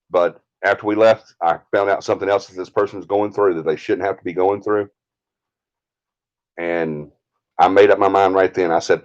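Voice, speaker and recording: Man, Southern US accent, very low voice, indignant, confrontational, dull muffled sound. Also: a little mellow. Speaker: paranormal team leader, stream host. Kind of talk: live-stream rant.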